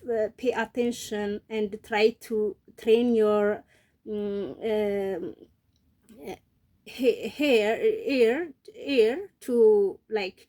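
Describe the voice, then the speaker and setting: A woman's voice: mid-range voice, mellow. A woman learning English, talking casually to camera and giving earnest advice, with many fillers and restarts. English is not her first language.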